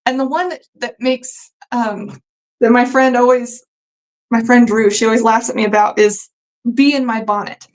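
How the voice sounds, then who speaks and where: A woman with a slightly high voice hosts a live quilting sewalong from her sewing room. She chats loosely and wanders off on side stories, full of "um"s and "like"s, as she works at the machine. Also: fairly even intonation, normal speed, poor audio. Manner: chatty and rambling, with many "um"s and "like"s. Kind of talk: casual live-stream chat while sewing.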